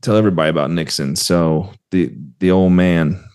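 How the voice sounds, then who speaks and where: A man with a very deep voice hosts a laid-back interview chat. He leads the guest with relaxed, drawn-out prompts, and the recording is dry and close to the mic. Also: clear, resonant tone, no room sound. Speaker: podcast host.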